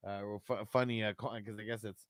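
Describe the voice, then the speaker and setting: A man's voice: fairly low pitch, fairly even intonation, fast talker, no room sound. Laid-back swearing guy, dry sound. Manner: laid-back, swears freely, says "man" and "dude" a lot. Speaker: livestream host. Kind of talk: casual chat.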